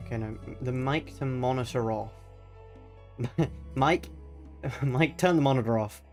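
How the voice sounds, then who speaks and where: A man's voice: medium pitch, measured pace, soft background music. Rambling Australian man streaming a game. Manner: rambling and self-mocking, thinks out loud. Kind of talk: live let's-play commentary.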